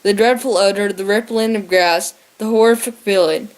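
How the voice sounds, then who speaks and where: A woman's voice: mid-range voice, fairly even intonation, normal speed. A woman narrating a novel aloud in a plain reading manner, with small slips and restarts. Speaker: audiobook narrator.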